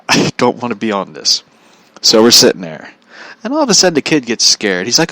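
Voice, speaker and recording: A man telling a comedic story, exasperated and profane, breaking into laughter often. His voice sits fairly low but swings widely in pitch, with a bright, forceful tone. The recording is dry and close. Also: lively intonation, a little fast, no echo. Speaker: vlogger.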